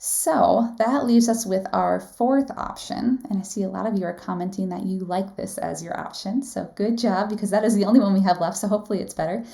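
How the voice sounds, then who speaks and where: A woman's voice: mid-range voice, fairly quick, creaky, hardly any pauses, mellow. A woman leading a live online class as a nursing exam instructor, talking conversationally, often asking the audience questions and saying "right?". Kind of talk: live webinar teaching.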